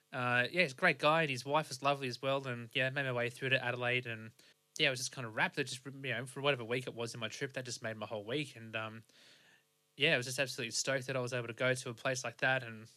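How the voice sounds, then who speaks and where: Bright-voiced young Australian bloke rambling. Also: male voice, medium pitch, fairly even intonation, fast talker. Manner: rambling, many fillers and restarts. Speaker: podcast host. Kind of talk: casual storytelling monologue.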